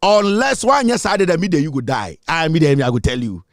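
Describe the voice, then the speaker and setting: Ghanaian guy ranting, mocking and laughing a lot, high voice that jumps all over. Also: very animated, brisk, no echo, studio quality. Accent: Ghanaian English. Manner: mocking, taunting, laughs often. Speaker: political commentator. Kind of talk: ranting online commentary.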